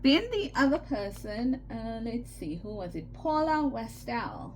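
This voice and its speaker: A woman's voice: on the high side, big pitch swings, unhurried, slight background noise. Chatty South African Indian woman. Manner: chatty, repeats herself, frequent "okay" check-ins. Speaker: craft channel host. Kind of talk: casual craft tutorial.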